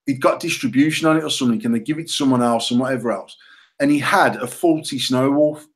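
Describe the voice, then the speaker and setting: A man, co-hosting a casual banter podcast, talking in a sweary, excitable way and laughing often. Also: medium pitch, fast talker, rough recording. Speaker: podcast co-host, mod company owner.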